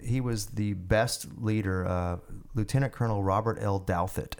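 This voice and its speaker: A man with a fairly low voice spins a long story in a casual podcast interview. He rambles, restarts and leans on fillers, his delivery animated and loose. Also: normal speed, smooth. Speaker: guest musician and army veteran.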